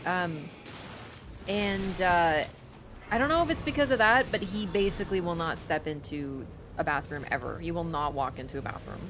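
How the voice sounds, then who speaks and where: A woman streamer chatting casually while she plays, rambling with lots of fillers and quick laughs. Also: on the low side, over music. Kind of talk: casual live-stream chat while gaming.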